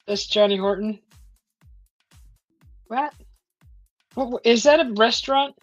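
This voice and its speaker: A woman with a fairly high voice hosts a casual livestream from home, speaking slowly and rambling with lots of "uh" fillers as she chats with viewers and reads their comments. The recording is dry, with dull lo-fi stream audio and faint music behind her.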